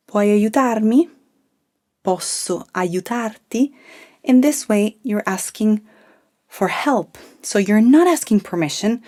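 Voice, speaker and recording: A woman teaching a language lesson, explaining grammar calmly and modelling example phrases clearly. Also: mid-range voice. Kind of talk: scripted lesson narration.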